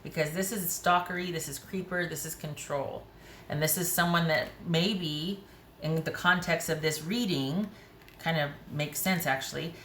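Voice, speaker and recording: Woman, tarot reader, low-pitched, candid and conversational, faint hiss in an echoey room. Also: a bit bright. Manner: frank, conversational, talks to herself while pulling cards. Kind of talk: tarot reading to camera.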